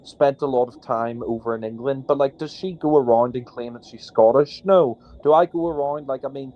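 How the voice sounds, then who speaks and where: A man's voice: mid-range voice, moderate pace, lo-fi sound. A man co-hosting a podcast, ranting indignantly with lots of fillers. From Northern Ireland. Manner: indignant, rambling with many fillers. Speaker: podcast co-host. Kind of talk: casual podcast rant.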